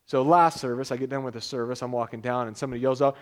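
A man, a pastor, giving a casual, conversational sermon with jokes, reading scripture aloud in a measured way. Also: mid-range voice, fairly even intonation.

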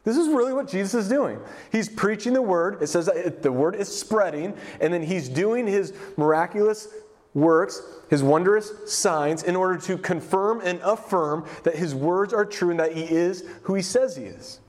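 A man's voice: high voice, normal speed, darkish tone. A young man preaching in a loose, conversational way, joking and talking around the text with plenty of fillers. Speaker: pastor. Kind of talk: casual conversational sermon.

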